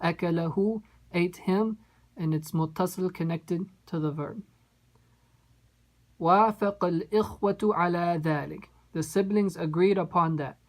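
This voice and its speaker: In a line-by-line translation lesson, a woman reads each phrase of an Arabic text, then translates it word by word and explains the grammar. She talks fast in a low, darkish voice, and the recording is rough.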